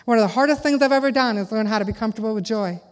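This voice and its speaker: Woman preacher in an echoing hall. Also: rapid-fire. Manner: animated, acts out quotes in a high child voice. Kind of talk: sermon with storytelling. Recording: long reverb of a large hall.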